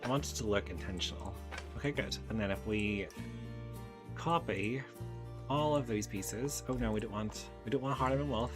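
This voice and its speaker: A fairly low-pitched man talks at a normal speed with game background music underneath. A gaming YouTuber, he chats through each step casually, narrating his clicks and addressing the animals on screen with fondness.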